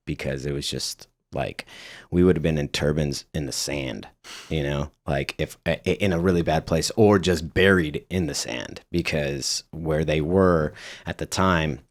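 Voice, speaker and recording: Deep-voiced young man telling stories. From Las Vegas, United States. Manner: rambling storytelling with many fillers and laughs. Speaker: guest musician. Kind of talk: casual interview chat.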